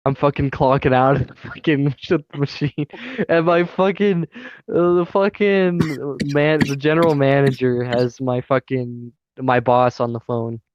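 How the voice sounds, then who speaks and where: A man's voice: medium pitch, smooth, dry recording, muffled recording. A young man telling a story in casual chat as a podcast co-host, heated and profane throughout.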